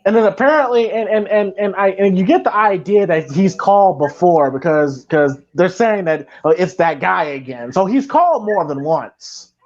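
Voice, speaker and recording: A man's voice: high-pitched, expressive, moderate pace, hardly any pauses, a little mellow, highs cut off. A man co-hosting a podcast, giving casual movie commentary and rambling, with many repeated words and restarts. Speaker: podcast co-host.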